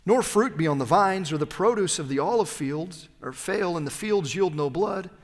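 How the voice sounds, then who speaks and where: A high-voiced man preaching in a big church sanctuary, where a long reverb trails his words. He swings from ringing, emphatic peaks down to hushed, low phrases as he pushes his points home. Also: lively intonation, normal speed. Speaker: pastor. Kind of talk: sermon.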